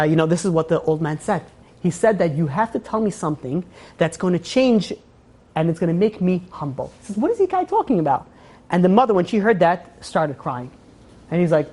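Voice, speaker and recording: A woman telling a moral story in a casual way during a class, acting out the characters' lines as she goes. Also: low voice. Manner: animated retelling, acting out quoted lines with "he's like".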